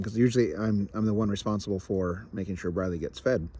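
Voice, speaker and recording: A young man with a lowish voice talks straight to the camera in a reflective personal vlog. He is candid and self-deprecating, and he often stops, restarts and repeats his words as he works through his thoughts. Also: quick pace, hardly any pauses, dark tone, a little hiss or hum. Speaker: vlogger.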